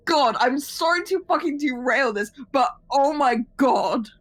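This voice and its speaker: A woman playing in an online tabletop game, talking loudly and swearing freely in casual chat. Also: high-pitched, unhurried. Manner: loud, swearing, exasperated and animated. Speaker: player.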